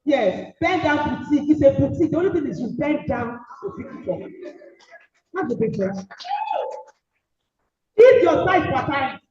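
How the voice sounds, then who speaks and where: A middle-aged woman with a Nigerian accent giving an emphatic, preachy motivational speech, repeating maxims and sometimes shouting. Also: high-pitched, sing-song, normal speed, long pauses. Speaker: guest speaker. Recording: echoey hall, distant dull mic.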